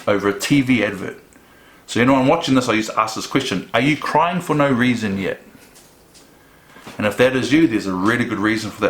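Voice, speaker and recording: A middle-aged New man talks frankly through audience questions, slipping into short acted bits of dialogue. His voice sits at an everyday pitch, and the room carries a clear echo around it. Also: a bit bright. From New Zealand. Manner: frank, conversational, acts out quoted dialogue. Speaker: speaker answering audience questions. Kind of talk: Q and A talk at a summit. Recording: roomy echo.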